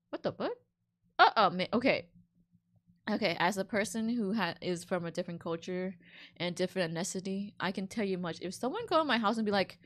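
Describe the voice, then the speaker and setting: Indignant woman streamer reacting to stories. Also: medium pitch. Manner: animated, indignant, slangy reactions. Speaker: VTuber streamer. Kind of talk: reading and reacting to online stories.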